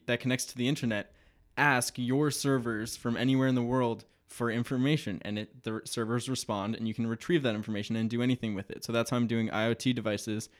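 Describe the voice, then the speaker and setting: A young man in his late teens, joking around and then explaining a technical project at length in a casual chat. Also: mid-range voice.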